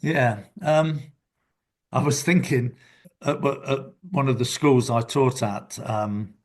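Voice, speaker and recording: An older man, interviewed as a guest in a relaxed setting, slowly recounts reflective anecdotes from his working life. His medium-pitched voice keeps a fairly even intonation.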